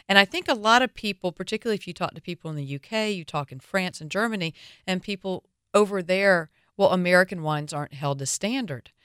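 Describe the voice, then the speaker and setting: A woman's voice: low voice, a bit bright, clear, resonant tone, dry recording, clean studio sound. A woman with a Southern US accent hosting a radio wine show, talking in a chatty, opinionated way with playful asides.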